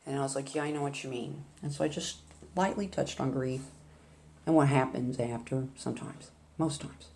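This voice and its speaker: Older woman, low pitch, warm mellow tone, chatty, rambling storyteller. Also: normal speed, a little hiss or hum. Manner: rambling, chatty, with laughs and asides. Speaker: vlogger. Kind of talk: casual storytelling chat.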